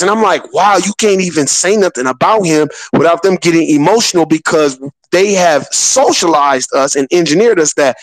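A man's voice: high voice, expressive, moderate pace, no room sound, poor audio. A man, giving impassioned, preachy political commentary on a podcast, full of rhetorical questions. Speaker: podcast co-host.

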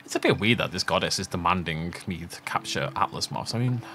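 A man's voice: low voice, animated, fairly quick, sharp tone. A man giving chatty let's play commentary, thinking aloud and laughing often as he plays. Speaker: gaming channel host.

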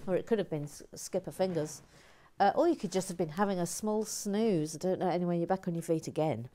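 A woman's voice: on the low side, expressive, brisk, mellow. A woman hosting a LEGO building livestream, chatting playfully, reading out viewer comments and scatting little nonsense tunes as she builds.

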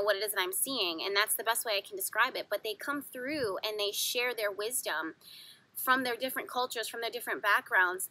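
A woman speaks straight to her viewers about astrology in an earnest, flowing way. Her voice sits at a middle pitch with a bright, forward tone. She often repeats a word or restarts a phrase while she searches for how to put things. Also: slight background noise. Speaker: astrology YouTuber. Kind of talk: talking to camera about astrology.

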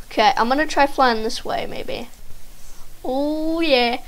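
A young woman giving casual, excitable commentary while playing a video game with a friend, full of fillers and sudden yelps. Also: sits high, measured pace, pauses often. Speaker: gaming video host.

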